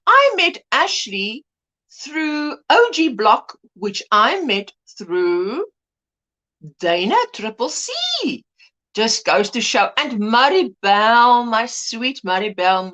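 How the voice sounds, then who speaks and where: A woman's voice: fairly high pitch, very animated, slow, sharp tone. A woman hosting a casual livestream chat, greeting viewers by name and laughing often. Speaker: livestream host.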